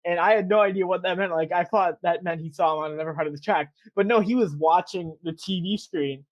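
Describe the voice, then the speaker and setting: A man's voice: sits high, fast talker, lo-fi sound. An American man co-hosting a casual chat, hesitant and restarting his sentences. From United States. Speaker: co-host.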